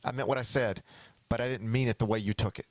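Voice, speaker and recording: Animated male sports talk host. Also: mid-range voice, fast talker, no room sound. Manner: animated, slips into mock quotes of others.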